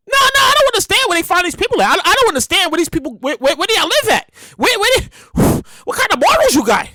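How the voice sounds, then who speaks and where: A woman podcast host giving comedic news commentary in an animated, exclaiming way, often repeating herself. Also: very high-pitched, brisk, no echo.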